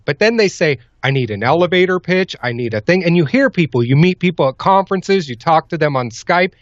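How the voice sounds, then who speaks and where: A man's voice: on the high side, fairly bright tone, dry recording. A man hosting a podcast, emphatic and enthusiastic as he asks questions and comments. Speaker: podcast host. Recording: dry, dull lo-fi sound.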